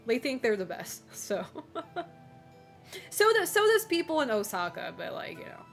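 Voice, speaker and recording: A woman's voice: on the high side, sing-song, normal speed, vocal fry, a bit bright, faint music behind. A woman streamer chatting casually with her live chat, teasing viewers, swearing freely, and laughing often.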